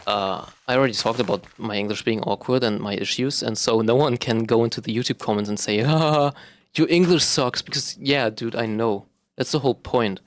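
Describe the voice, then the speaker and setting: A man's voice: fairly low pitch, fairly even intonation, fairly quick, few pauses, dry recording. A young man from Germany, a native German speaker, talking in a rambling, self-conscious vlog monologue full of fillers and restarts. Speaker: vlogger. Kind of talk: casual monologue to camera.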